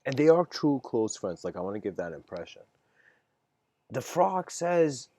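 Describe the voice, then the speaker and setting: A man's voice: mid-range voice, sing-song, measured pace, dark tone, a little hiss or hum. A man giving a casual livestreamed lecture, meandering and hesitant with slangy phrasing.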